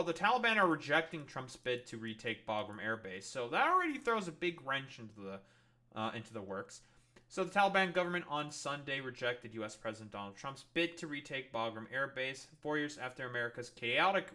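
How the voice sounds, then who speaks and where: Bright-voiced, exasperated male commentator. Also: mid-range voice. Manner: exasperated, profane, lots of filler. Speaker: political commentator. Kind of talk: reading news aloud and ranting.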